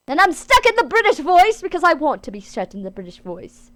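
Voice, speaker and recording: A woman translating a game live, joking and breaking into excitable outbursts. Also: high voice, moderate pace, a little hiss or hum.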